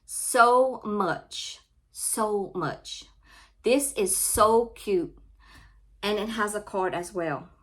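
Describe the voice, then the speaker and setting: A woman's voice: mid-range voice, extremely slow. Lady on her craft channel, emotional, gushing thanks to y'all, near tears. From Louisiana. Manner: heartfelt, repeats her thanks, says y'all constantly. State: close to tears. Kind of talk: casual unboxing vlog.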